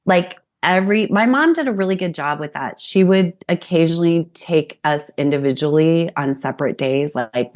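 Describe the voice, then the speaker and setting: A woman's voice: deep voice, normal speed, hardly any pauses. A middle-aged woman therapist, a guest on a podcast, talking reflectively and telling stories from her childhood. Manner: reflective, warm storytelling. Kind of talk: podcast interview conversation.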